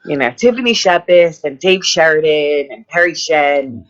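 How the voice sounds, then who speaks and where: A woman in her fifties, an actress guest telling excited stories in a casual interview. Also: sits low, normal speed. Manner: excited, gushing storyteller. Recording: slightly muffled audio.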